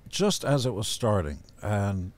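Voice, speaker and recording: A man in his seventies, a podcast guest, telling stories in a gruff, deadpan way and acting out other people's voices. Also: fairly low pitch, a little slow. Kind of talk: casual storytelling.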